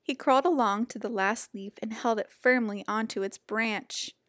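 A woman reading a children's picture book aloud in a gentle, expressive storytelling voice. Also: on the high side, moderate pace, no echo, clean studio sound.

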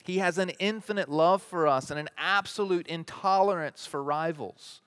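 A man preaching a sermon as teaching pastor, building to emphatic peaks and then dropping soft, with repeated rhetorical lists. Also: on the high side, moderate pace.

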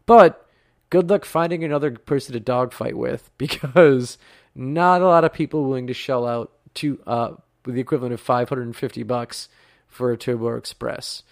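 Male podcast host in his thirties, gravelly, chatty and rambling, dry close-mic sound. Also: mid-range voice, fairly even intonation, moderate pace, no echo. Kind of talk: casual podcast talk.

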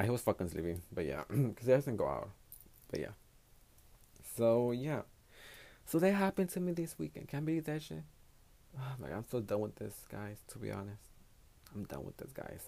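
A man with a low, gravelly, warm voice hosts his own podcast in a casual solo monologue. A native Spanish speaker talking in English, he gives blunt, profane, rambling advice.

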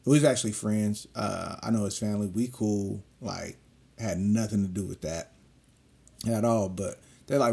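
A young man with a low, gravelly voice tells a long personal story in casual street slang. He curses freely and acts out the voices of the people in it. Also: normal speed, darkish tone. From California.

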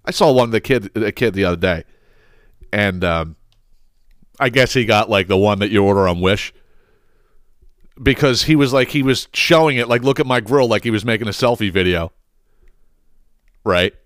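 Profane ranting podcast host, lively pitch. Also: male voice, normal speed, long pauses, no room sound, studio quality. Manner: profane, blunt, exasperated.

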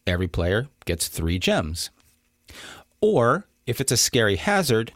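A man's voice: fairly low pitch, a bit bright, no echo, clean studio sound. A man co-hosting a podcast, explaining a board game in casual chat and chuckling at his own slips. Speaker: podcast co-host.

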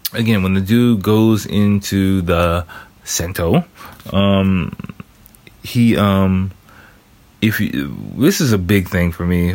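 A man in his thirties giving casual, rambling advice, swearing freely and acting out what other people are thinking. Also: sits low. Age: 30s. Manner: profane, rambling, acts out other people's thoughts. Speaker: commentator on a show.

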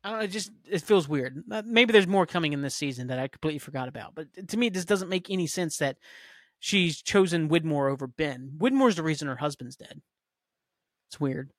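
A man's voice: on the high side, animated, fairly quick, no echo, clean studio sound. A man hosting a podcast, chatting casually and rambling through a TV recap with lots of fillers and some swearing. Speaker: podcast host. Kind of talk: casual solo recap chat.

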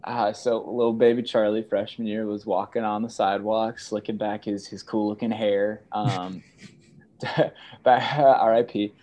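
A young man in his twenties, a student guest in a casual chat, telling stories with animated put-on voices for quotes. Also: on the low side, measured pace, a little hiss or hum. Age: 20s.

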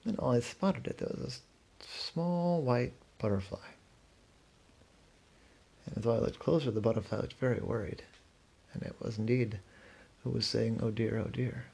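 A man tells an improvised bedtime story to his child, slowly and with loose, rambling phrasing. His voice is gravelly and a little husky. The tone is dark and mellow. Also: mid-range voice. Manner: slow, rambling, self-correcting. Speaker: parent telling a bedtime story.

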